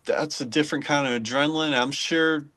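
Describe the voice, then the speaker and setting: A man's voice: fairly high pitch, steady tone, pushed and bright, dry recording. Rambling man with a dry sound. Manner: rambling, halting, laughs between phrases. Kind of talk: casual radio chat.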